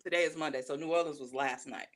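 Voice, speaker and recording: A woman co-hosting a casual music podcast, chatty and animated. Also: low voice, fast. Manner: chatty, animated, laughs often. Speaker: podcast co-host. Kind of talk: casual chat.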